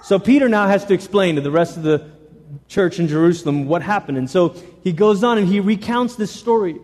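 A man preaching a sermon to his church, animated and repeating phrases for emphasis. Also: high voice, fairly quick, long reverb tail. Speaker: pastor.

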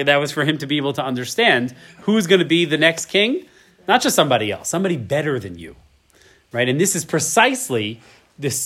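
A man in his thirties with a rather high, slightly bright voice leads a casual Torah session. For each verse he reads the Hebrew, translates it, and chats his way through, tagging lines with "right?".

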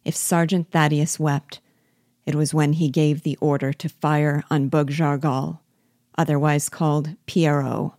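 A woman's voice: low-pitched, flat delivery, measured pace, a little mellow, no room sound, studio quality. A woman voicing a loyal, sentimental old male army sergeant who speaks humbly and rambles. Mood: earnest, humble.

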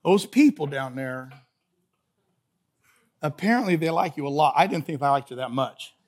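A male preacher voicing God as a casual older buddy, speaking low and apologetic. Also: lively intonation, moderate pace, a little mellow. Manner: laid-back, apologetic, deep and low. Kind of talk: sermon.

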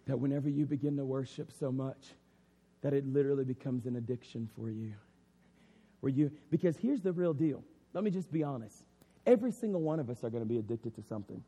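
A man's voice: mid-range voice, warm tone, slightly rough. A man preaching an impassioned sermon as a pastor, circling back with "I mean" and "literally". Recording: long hall reverb.

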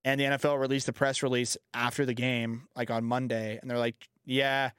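Animated ranting man, dry close sound. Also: mid-range voice, a little fast, smooth, no echo. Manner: animated, profane ranting with lively swings. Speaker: podcast host. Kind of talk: casual chat.

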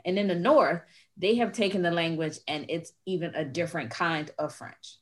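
A young adult woman chatting casually as a podcast guest, telling lively stories and acting out what people said. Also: fairly low pitch, a little fast. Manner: animated storyteller acting out quoted voices. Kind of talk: casual chat.

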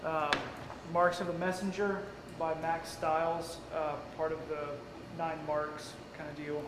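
Man, fairly high voice, casual book list, echoey hall, clear background noise. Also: little pitch movement. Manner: casual, lists items with pauses. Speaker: audience member recommending books. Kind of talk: Q&A comment.

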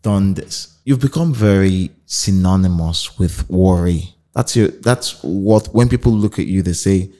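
A man hosting a casual interview, calmly asking follow-up questions. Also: deep voice, measured pace, hardly any pauses. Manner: calm, short affirmations and follow-up questions. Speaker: podcast host.

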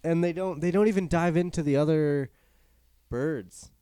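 A man's voice: a little high, moderate pace, warm tone, clear, resonant tone, no echo, clean studio sound. A man hosting a podcast in casual chat, blunt and opinionated, swearing freely. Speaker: podcast host.

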